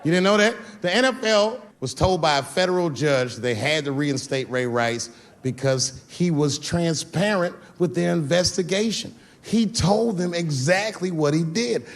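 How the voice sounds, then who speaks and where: A man's voice: sits high, lively intonation, moderate pace, big-room sound. A man performing a stand-up comedy routine with crude, profane punchlines.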